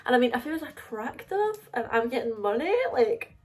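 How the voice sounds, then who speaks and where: A woman's voice: fairly high pitch, big pitch swings, brisk, a little mellow. A woman in her twenties with a Scottish accent, chatting in a casual storytime vlog, confiding and filler-heavy. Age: 20s. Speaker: vlogger.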